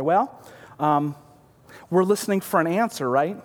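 A man preaching a sermon, earnest and searching, often repeating words as he builds his point. His voice sits high for a man and at times sinks to a soft whisper. The sound rings with the long reverb of a large hall. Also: unhurried, long pauses. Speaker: pastor.

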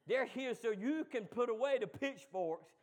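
A man preaching a sermon, moving from quick low asides to loud, shouted call-and-response. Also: animated.

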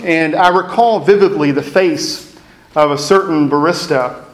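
A man's voice: a little high, measured pace. A man, preaching a sermon as pastor with reflective, self-deprecating storytelling. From East Texas. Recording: echoey room.

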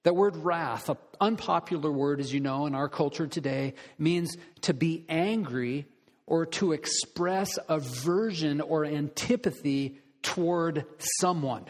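A man preaching an earnest, deliberate sermon as pastor, putting direct questions to his listeners. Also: fairly high pitch. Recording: long reverb of a large hall.

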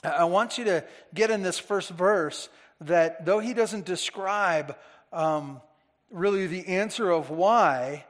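A man preaching a Sunday-morning sermon to his church, earnestly repeating phrases for emphasis. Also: sits high. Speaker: pastor. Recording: long reverb of a large hall.

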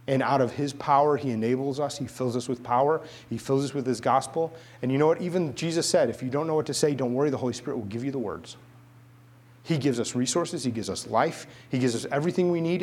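A middle-aged man preaching a sermon, mixing a humorous personal story with quiet, emphatic repetition. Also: medium pitch, breathy edge.

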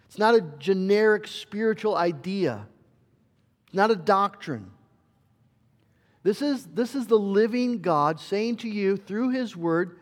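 A man preaching a sermon in an earnest way, sometimes repeating words as he works toward his point. His voice sits high for a man. The sound rings with the long reverb of a church hall. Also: expressive, measured pace. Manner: earnest, repeats words when searching for a phrase. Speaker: pastor.

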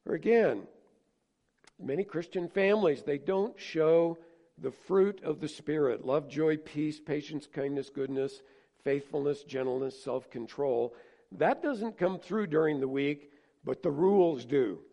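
A male pastor preaching a sermon earnestly, rising to emphatic points and then dropping soft. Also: a little high, unhurried, creaky, dull audio.

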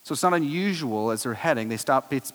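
A man preaching a sermon, telling the story with animated swings between loud exclaiming and hushed low tones. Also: quick pace. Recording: long hall reverb.

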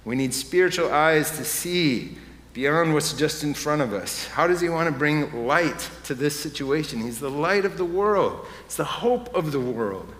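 A man's voice: on the high side, lively intonation, unhurried, a bit bright. A man preaching a sermon as pastor, conversational at first and rising to impassioned emphasis. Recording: echoey hall with faint room ambience.

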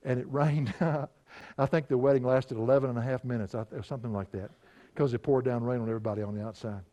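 A middle-aged male pastor preaches in an easy, conversational way. He moves from story to story and chuckles along the way. His voice sits at an ordinary middle pitch. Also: fairly even intonation, fast, warm tone. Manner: folksy, conversational, chuckling anecdotes. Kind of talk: storytelling sermon.

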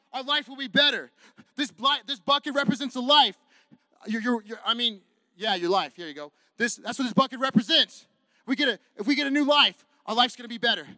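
A man preaching a sermon to a congregation, animated and repetitive, pacing as he talks and acting out the people in his story. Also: very high-pitched, dry recording. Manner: animated, repetitive, quotes figures in voices; walks around while preaching. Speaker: pastor. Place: church sanctuary with a congregation.

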